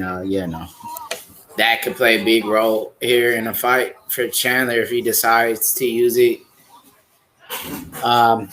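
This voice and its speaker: A man's voice: mid-range voice, a little hiss or hum. A man previewing an upcoming fight on a live stream, talking casually and hesitantly with many fillers and restarts. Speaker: fight commentator.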